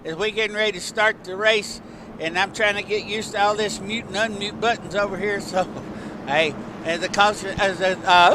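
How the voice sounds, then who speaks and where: A man calling a live sim dirt race as host, folksy and excitable, rambling with lots of fillers. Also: sits high, moderate pace, slight background noise. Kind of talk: live sim racing play-by-play.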